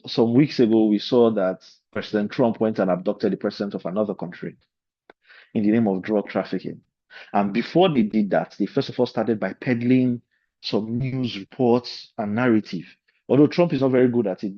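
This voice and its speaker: A man's voice: lowish voice, no room sound. A man giving an informal lecture to a leadership course, talking in loose, discursive asides. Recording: slightly dull, lo-fi recording.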